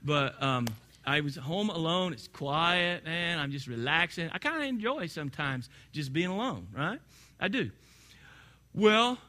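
Guy preaching, kinda high voice, super bright and ringing, chatty storytelling that gets loud on the big points. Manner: conversational storytelling preacher, rising to emphatic peaks. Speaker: pastor. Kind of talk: sermon.

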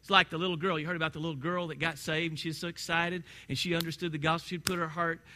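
A man's voice: on the high side, little pitch movement, fast talker, bright, forceful tone, a little hiss or hum. A man preaching a sermon in a conversational, storytelling way that builds to emphatic peaks. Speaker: pastor.

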